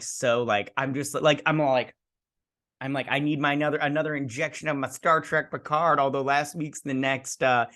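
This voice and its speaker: A medium-pitched man in his thirties reviews a TV episode casually, with plenty of spoilers. His excitable, rambling talk is packed with "like" and quick restarts.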